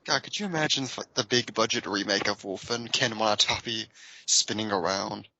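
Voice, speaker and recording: A man's voice: lowish voice, moderate pace, sharp tone, highs cut off, a little hiss or hum. A man co-hosting a comedy podcast, joking playfully with the crew. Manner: playful, jokey, with gravelly fry. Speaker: podcast co-host. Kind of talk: casual comedic chat.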